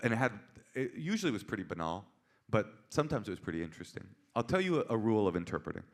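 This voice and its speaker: A man in his forties, a comedian and author, telling stories on stage with an animated, punchy delivery. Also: on the low side, very fast. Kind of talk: live on-stage storytelling. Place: auditorium stage before an audience.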